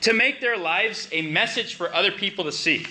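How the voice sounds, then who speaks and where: A man's voice: high voice, moderate pace, bright, forceful tone, slight background noise. A man preaching a conversational sermon, building to emphatic questions.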